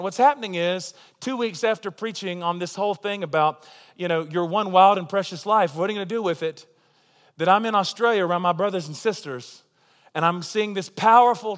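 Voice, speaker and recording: Male preacher with a high voice, impassioned, dynamic sermon delivery in a reverberant church hall. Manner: impassioned, swings from quiet to loud. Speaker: pastor.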